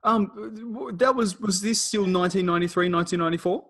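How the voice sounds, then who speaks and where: A man's voice: high-pitched, fast, crowd noise. A man interviewing a guest, chiming in with short, encouraging questions and remarks. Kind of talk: casual interview chat.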